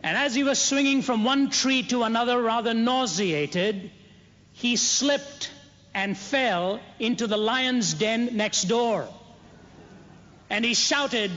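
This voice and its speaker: High-voiced male preacher telling a joke. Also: fairly bright tone. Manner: measured, dry-humored storytelling. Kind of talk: sermon storytelling. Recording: dull, reverberant hall.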